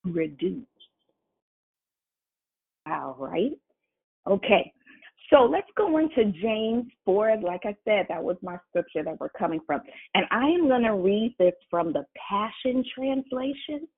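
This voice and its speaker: Slow, husky woman preaching over a phone line. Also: medium pitch, animated. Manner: emphatic, spells out words and repeats phrases. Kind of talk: sermon.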